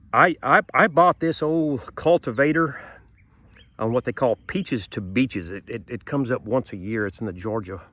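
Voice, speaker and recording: A man's voice: fairly low pitch, fairly bright tone. A man with a stuffy, sniffling nose giving a rambling, folksy vlog outdoors in a sunny garden yard, filmed on a handheld phone. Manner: folksy, rambling, repeats himself. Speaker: homesteading vlogger.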